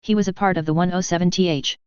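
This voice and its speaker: A woman's voice: fairly low pitch, steady tone, fast, darkish tone, clear, resonant tone, dry recording, natural voice. A woman reading the part of an earnest, determined male super soldier. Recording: dry, slightly dull home recording.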